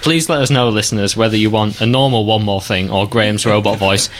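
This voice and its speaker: A man's voice: fairly low pitch, fairly even intonation, a little fast, slight background noise. A man hosting a podcast in casual chat, playful and teasing. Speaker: podcast host.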